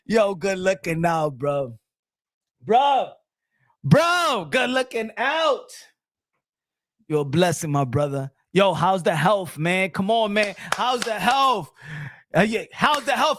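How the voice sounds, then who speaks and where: A man hosting a boxing livestream, rowdy and laughing, often shouting as he reacts to chat. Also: sits high, very animated, measured pace, dry recording, clean studio sound. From Dominican Republic family roots. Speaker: boxing channel host. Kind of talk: excited live commentary.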